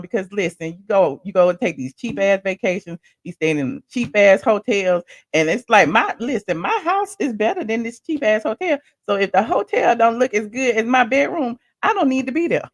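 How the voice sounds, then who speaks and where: A woman hosting a casual live stream, chatty and animated, her voice swinging between loud bursts and soft asides. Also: fairly high pitch, moderate pace, no room sound, studio quality.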